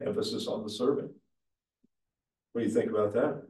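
A man who is a pastor leading an adult church class, speaking in a measured, explanatory way and putting questions to the group. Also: fairly low pitch, dark tone. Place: church meeting room. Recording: echoey room, mic far off.

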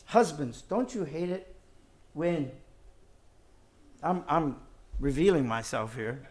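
A man preaching a sermon, emphatic and full of rhetorical questions, moving between loud stresses and quiet asides. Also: on the high side, animated, slow pace.

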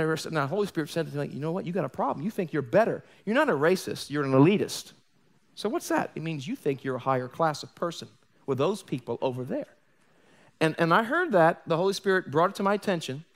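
A fairly high-voiced man delivering a live sermon from a church. He preaches in an animated storytelling way, with joking asides, and acts out the lines of the people in his stories. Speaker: pastor. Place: church sanctuary.

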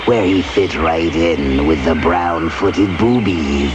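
A man's voice: deep voice, takes it slowly, dull audio, noisy background. A man voicing a male rainforest creature who gives a snide clue report on a TV game show. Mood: sneering.

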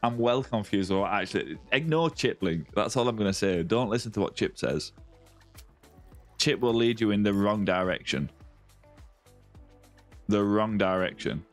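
Here a Lancashire man with a lowish voice streams gameplay, sounding animated at a moderate pace. Faint music runs underneath as he banters and welcomes viewers by name, his accent placing him in northwest England near Yorkshire.

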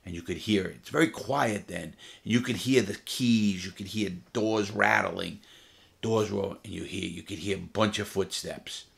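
A man's voice: on the low side, moderate pace, gravelly. A middle-aged man, a former prisoner, bluntly telling first-person stories with profanity. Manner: blunt and profane, vivid retelling.

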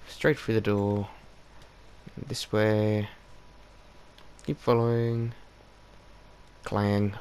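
Gaming host: guy, low and a bit gravelly, chatty let's-play narration that keeps talking to his pets. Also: darkish tone, slight background noise. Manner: chatty, coaxes his in-game pets along. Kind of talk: casual let's-play commentary.

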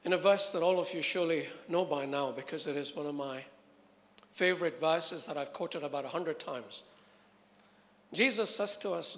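A man's voice: a little high, normal speed. Emphatic male preacher in a big hall. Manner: emphatic, repetitive, swings from loud to hushed. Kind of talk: sermon.

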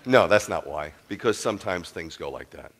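A man preaching a sermon as a rabbi, telling a story with humor, moving from quiet asides to loud punchlines. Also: deep voice, expressive, moderate pace.

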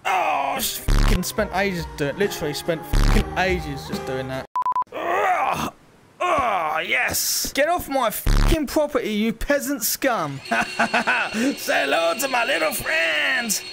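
A woman with a high, bouncy voice that swings all over the place, trading crude, sweary jokes with the characters in a VR game. She talks into a headset, and loud music plays behind her the whole time. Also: big pitch swings, takes it slowly, creaky. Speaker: VR gameplay streamer. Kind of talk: chaotic gameplay commentary. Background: loud background music.

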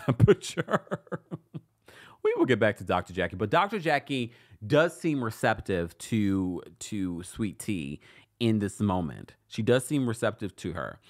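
A man hosting a casual live-stream recap, reading viewer comments aloud and chatting with frequent laughs and asides. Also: deep voice. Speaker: recap show host reading live chat.

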